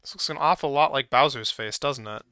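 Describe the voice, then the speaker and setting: A man walks listeners through a video game in a chatty, playful way, describing what is on screen as he goes. His voice is very bright and forward, at an ordinary male pitch. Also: brisk, clean tone. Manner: playful and chatty, with frequent laughs. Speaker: streamer narrating gameplay. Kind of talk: casual, descriptive playthrough narration.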